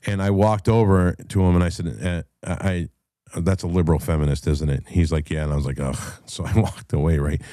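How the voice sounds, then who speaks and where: Deep dark-voiced guy ranting on his show, cussing a lot, dry close sound. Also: clear, resonant tone, dry recording. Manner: angry, profane, swings from low mutter to loud heated bursts. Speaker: podcast host. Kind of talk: profane ranting commentary.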